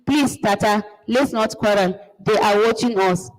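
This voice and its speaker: A woman with a Nigerian accent reading the part of a village girl who tries to calm her friends. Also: medium pitch, measured pace, natural voice. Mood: pleading. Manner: pleading, reproachful. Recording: long reverb.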